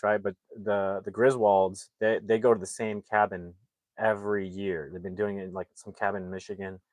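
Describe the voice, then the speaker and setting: A man in a casual, rambling recap of a film plot, slipping into quick impressions of the characters as he goes. His voice sits fairly low and comes across dry and close, with no room around it. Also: no echo. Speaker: movie reviewer.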